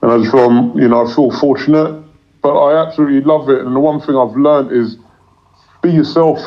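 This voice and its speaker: A man's voice: medium pitch, fairly quick. A man, a cricket commentator, talking casually in an interview, rambling with repeated words and plenty of fillers. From England. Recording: dull lo-fi recording.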